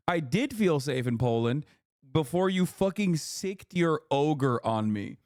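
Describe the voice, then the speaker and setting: A man's voice: on the high side, sing-song, a little slow, darkish tone, no echo, clean studio sound. A man streaming live, reacting to a video with profane, outraged, sarcastic commentary. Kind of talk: casual livestream commentary. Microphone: close streaming mic.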